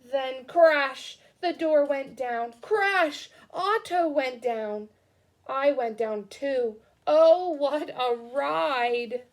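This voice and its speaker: A woman reading a children's storybook aloud with expressive, slow storytelling. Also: high voice. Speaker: storybook reader.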